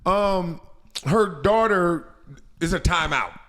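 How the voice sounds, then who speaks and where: A high-pitched man hosts a casual podcast chat. He tells stories with a lot of swing in his voice, laughing and acting out what people said. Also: slow. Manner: animated, laughing storyteller acting out quotes. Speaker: podcast host.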